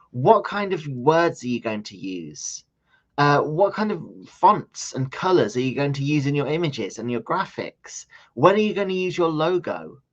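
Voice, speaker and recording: Man teaching a casual marketing class. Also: medium pitch. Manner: conversational, lots of ums and restarts. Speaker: digital marketing trainer. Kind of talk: live online training session. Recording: slightly dull lo-fi audio.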